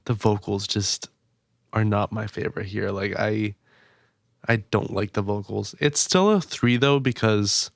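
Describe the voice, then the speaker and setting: Low-voiced man giving blunt song verdicts. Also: unhurried, gravelly, dry recording, studio quality. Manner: gives blunt verdicts, says he is not sure. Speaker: podcast co-host. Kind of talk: casual chat.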